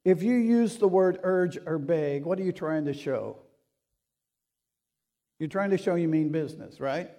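A man's voice: fairly high pitch, a little slow, long pauses, mellow. A man preaching a sermon as a pastor, in a conversational, earnest way that keeps asking the listeners questions. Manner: earnest and urging.

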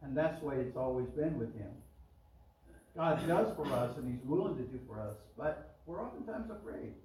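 A man's voice: medium pitch, animated, normal speed, a little mellow. A man preaching a sermon as pastor, in a chatty way, pushing his voice up on the words he stresses. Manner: conversational preaching, rising emphatic on key words. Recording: roomy echo, mic at a distance.

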